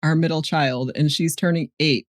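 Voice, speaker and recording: A woman co-hosting a casual gaming podcast, giggly and quick with embarrassed comebacks. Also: low-pitched, steady tone. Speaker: podcast co-host.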